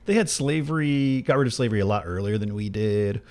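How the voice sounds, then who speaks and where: A man's voice: lowish voice, a little fast, a little mellow. Sarcastic rambling man. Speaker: podcast co-host. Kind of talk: casual chat.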